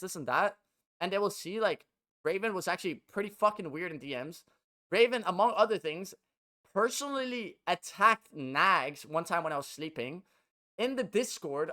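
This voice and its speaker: A man's voice: high voice, pushed and bright. A young man who plays esports and streams, ranting casually to his viewers, agitated and profane, with many stumbles and restarts.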